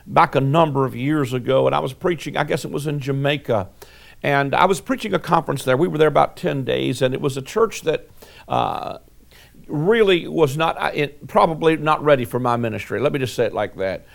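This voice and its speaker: Gravelly folksy preacher man. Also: on the high side, brisk. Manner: folksy storytelling with many fillers and restarts. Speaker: pastor. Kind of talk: sermon with personal stories.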